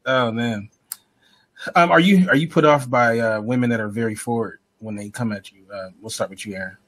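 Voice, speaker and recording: A man hosts a panel chat, asking relaxed questions in a mid-range voice. He steers the talk from guest to guest in an easy way. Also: mid-range voice, fairly quick. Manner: easygoing questioner. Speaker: host.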